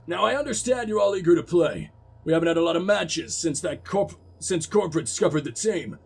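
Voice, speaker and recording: A stern sports coach lectures his team in a game voice-over, as a Cockney man puts him on. The gruffness is forced and the voice sits high and husky. He drills points home like a disappointed mentor. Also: full character voice.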